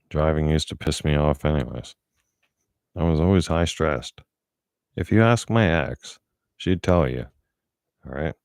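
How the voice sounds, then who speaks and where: A man's voice: rumbling low, creaky, darkish tone, no echo, clean studio sound. A middle-aged man talking bluntly and profanely in a casual monologue. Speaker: vlogger.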